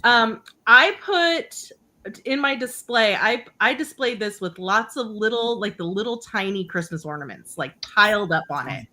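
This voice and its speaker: A woman's voice: medium pitch, lively intonation, unhurried, bright, forceful tone. A woman guest seller presenting a vintage item on a live sale, talking in an easygoing, rambling way. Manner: easygoing, rambling product talk.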